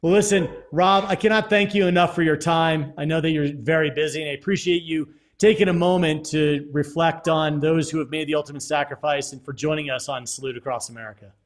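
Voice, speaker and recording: A man hosting an interview, talking in a relaxed, conversational way. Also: on the high side, a little fast, hardly any pauses. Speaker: interview host. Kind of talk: casual interview.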